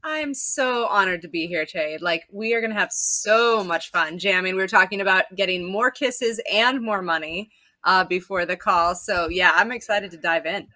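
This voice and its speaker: Woman sales coach on a talk show, super bright voice, really into it and passionate. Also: mid-range voice, moderate pace. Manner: enthusiastic, passionate, emphatic. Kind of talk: conversational interview.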